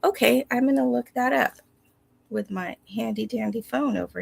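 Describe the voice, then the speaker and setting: A woman hosting a livestream from home, talking casually and replying to viewers in an unhurried way. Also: on the high side, creaky, slightly rough. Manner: unhurried, reads viewer comments aloud and replies. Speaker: livestream host.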